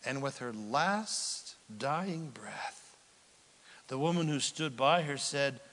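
Dramatic preacher in an echoing hall. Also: male voice, mid-range voice, lively intonation, slow pace. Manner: dramatic, swings from loud to whispered. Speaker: pastor. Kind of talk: sermon. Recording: long hall reverb.

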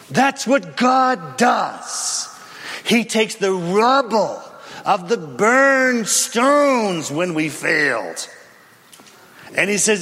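A man preaching a dramatic, impassioned sermon, shouting at peaks, in a reverberant hall. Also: sits high, big pitch swings, takes it slowly. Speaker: pastor.

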